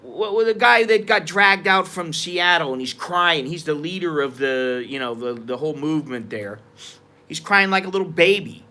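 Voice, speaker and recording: A man's voice: fairly high pitch, moderate pace, bright, forceful tone. A man from the United States telling a story and ranting on a live stream, heated and profane. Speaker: vlogger. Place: outdoors at a market.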